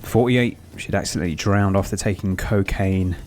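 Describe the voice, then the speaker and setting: A man's voice: sits low, normal speed, a little mellow. A man co-hosting a podcast, chatting casually and teasing his co-host. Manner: teasing, jokey. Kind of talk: casual chat.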